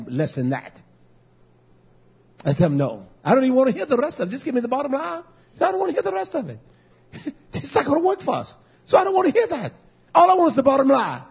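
A man preaching as pastor, telling stories and quoting himself in an animated way. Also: very high-pitched, vocal fry, husky, muffled recording. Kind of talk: sermon.

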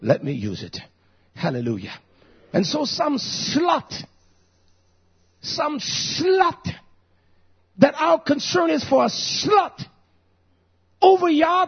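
A man in his fifties preaching a fiery sermon, dropping to low growls and rising to shouts. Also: muffled recording. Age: 50s.

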